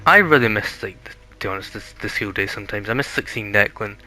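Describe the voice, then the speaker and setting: A man's voice: on the low side, expressive, fast, a crowd in the background, rough recording. A young man from Scotland, co-hosting a podcast in casual chat, rambling and correcting himself as he goes. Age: young adult. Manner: rambling, self-correcting, frequent restarts. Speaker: podcast co-host.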